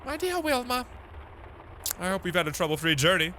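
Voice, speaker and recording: A man's voice: high voice, very animated, brisk, sharp tone, slight background noise, pitched above the performer's own voice, heavily acted. A man reading out a letter as an eager male professor in a video game, in a grand, theatrical way.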